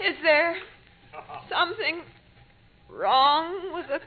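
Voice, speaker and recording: An actress playing an anxious, tearful grown daughter in a 1950s radio comedy, pleading and whiny. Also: female voice, very high-pitched, takes it slowly. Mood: fretful. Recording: old broadcast recording, tinny.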